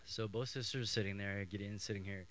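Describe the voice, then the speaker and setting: A middle-aged man from Canada preaching a sermon, telling childhood stories in an animated way and acting out family voices. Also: on the low side, a little fast, rough recording. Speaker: pastor.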